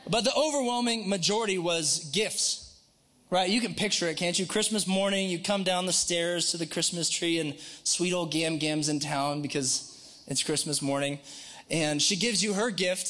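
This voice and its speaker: High-voiced joking male pastor. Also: moderate pace. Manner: conversational, joking, animated. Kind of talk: sermon. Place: church in Northwest Montana.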